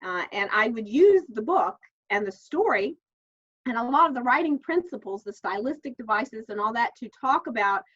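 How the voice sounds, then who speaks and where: A woman's voice: a little high, expressive, normal speed. A middle-aged woman author telling stories in a casual interview, chatty with many restarts. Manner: chatty, warm storyteller, many fillers and restarts. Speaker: author and guest. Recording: dull lo-fi call audio.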